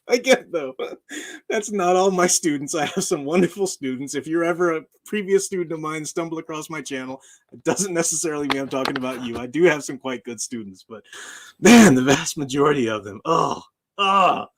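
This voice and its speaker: A man's voice: fairly high pitch, moderate pace. A man, a university professor hosting his own channel, talking in a casual livestream chat, emphatic and often laughing at his own remarks.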